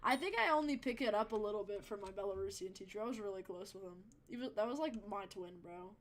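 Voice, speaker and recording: Talking fast at a medium pitch, a young woman game streamer rambles casually during play, laughing a lot and swearing freely.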